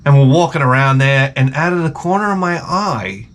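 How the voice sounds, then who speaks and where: A man's voice: on the high side, lively intonation, normal speed, a bit bright. A man telling a rambling, profane, comically exasperated story in a casual vlog. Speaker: vlogger.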